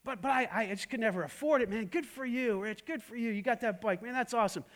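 Preacher playing a stammering, gushing neighbor man; high voice. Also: fast talker, fairly bright tone. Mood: admiring. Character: friendly amazed male neighbor admiring a bike.

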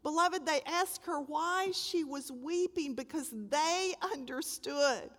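An older woman preaching a sermon, telling the story dramatically and with emphasis, swelling loud and dropping to a hush. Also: high voice, lively intonation, measured pace, hardly any pauses. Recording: long hall reverb.

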